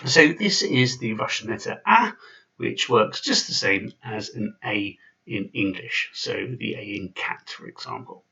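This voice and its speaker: A man's voice: on the low side, big pitch swings, measured pace, vocal fry, sharp tone, distant mic, lo-fi sound. A man giving an informal video lesson, chatty and full of fillers and restarts. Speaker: language teacher.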